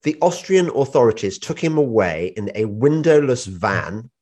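A man's voice: medium pitch, big pitch swings, moderate pace, darkish tone. A man hosting a casual interview, asking rambling questions and telling anecdotes.

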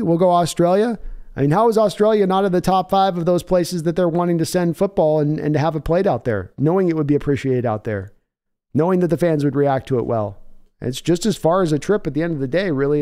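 A man's voice: a little high, fast, dark tone. A man hosting a casual livestream, rambling, chatty and self-deprecating as he answers chat. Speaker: livestream host.

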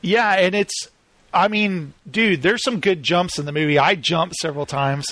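A man hosting a casual movie chat, rambling with lots of "like" fillers and quick to laugh. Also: high-pitched, a bit bright, dry recording.

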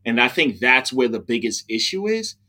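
A man with a bright, forward voice talks in a relaxed podcast chat about his music work. He is animated and keeps checking in with "you know what I'm saying". His pitch sits in a middle range. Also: moderate pace. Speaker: rapper and music licensing artist. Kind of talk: casual podcast conversation.

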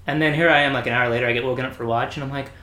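A man spinning rowdy service stories in casual chat, his voice at a mid pitch. He jumps into the voices of the people he quotes, swearing and laughing as he goes. The room around him rings with echo. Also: rapid-fire. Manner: animated, acts out quoted people, swears freely, laughs often. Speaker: Navy veteran telling stories. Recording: echoey room.

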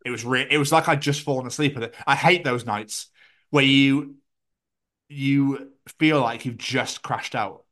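A British man with a medium-pitched, fairly bright voice hosts a podcast at a measured pace. He rambles casually, swears, and acts out silly bits.

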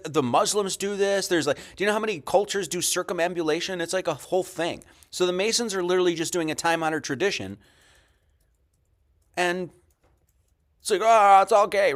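A man giving casual lecture commentary over a video he plays, asking rhetorical questions and answering them himself. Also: fairly high pitch. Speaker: host commenting on a played video.

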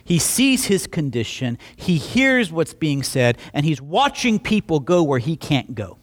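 With a voice on the high side, big pitch swings, and a measured pace, a man preaches as pastor. His conversational sermon features a story where he acts out both sides of the dialogue, frequently restarting with repeated words.

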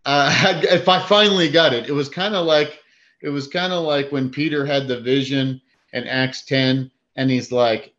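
Male preacher, chatty storyteller, mid pitch, dull low-fi sound. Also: moderate pace. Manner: animated storyteller, acts out his own thoughts with fillers and laughs. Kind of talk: casual storytelling in a faith discussion.

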